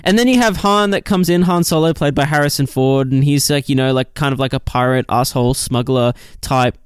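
A man's voice: mid-range voice, a little fast, smooth, dry recording, clean studio sound. A man co-hosting a casual film podcast, talking with enthusiasm and many fillers and restarts.

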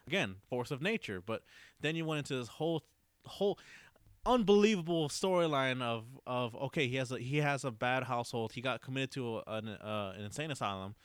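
A man talks in a loose, rambling way, restarting his sentences and laughing as he goes. His voice is smooth and resonant. The sound is dry and close. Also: mid-range voice, no echo. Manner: rambling, halting, laughs often. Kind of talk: casual chat.

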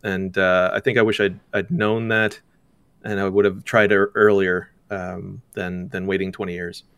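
Male interview guest, smooth tone, halting delivery, easy laughs. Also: low voice, little pitch movement, a bit bright, no echo. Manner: hesitant, many restarts, laughs often. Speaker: game developer guest. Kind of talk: casual interview talk.

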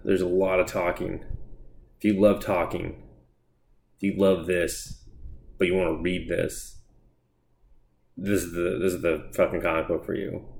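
A man's voice: deep voice, level tone, a little slow, creaky, pauses often, darkish tone, slight background noise. A man giving blunt, profane, sarcastic comic book reviews in a casual solo podcast. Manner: blunt, profane, sarcastic rants with mocking asides.

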